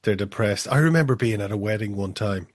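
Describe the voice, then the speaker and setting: Blunt, opinionated man, lowish voice. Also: expressive, fairly quick, no echo, clean studio sound. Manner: opinionated, blunt, swears freely. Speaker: podcast co-host. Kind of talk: casual podcast chat.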